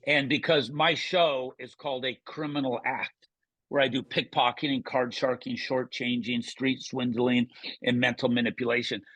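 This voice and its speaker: Husky, forceful man talking showman patter. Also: mid-range voice, little pitch movement, dry recording. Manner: quick, punchy, showman patter with restarts. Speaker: guest magician. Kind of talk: casual interview chat.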